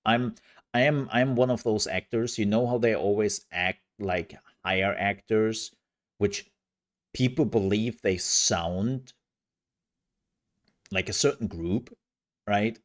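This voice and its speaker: A man's voice: lowish voice, takes it slowly, pauses often. A man streaming, chatting casually with viewers in a rambling, self-mocking way. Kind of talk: casual live-stream chat.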